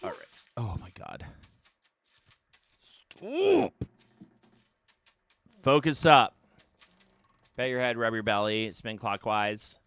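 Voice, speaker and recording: Guy streaming a game, bright voice, swings up and down a lot, jokey and dry-miked. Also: lowish voice, normal speed, smooth, no room sound. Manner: animated, self-mocking banter. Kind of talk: live gameplay commentary.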